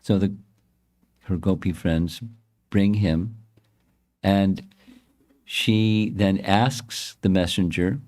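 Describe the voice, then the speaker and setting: A man giving a devotional storytelling lecture as a spiritual teacher, pausing and correcting himself often. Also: low voice, steady tone, darkish tone. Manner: halting, frequent self-corrections and restarts.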